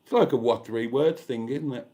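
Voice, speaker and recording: Indoors at home, a British YouTube live streamer with a warm, medium-pitched voice reads viewer comments aloud at normal speed, his manner chatty, camp and self-deprecating.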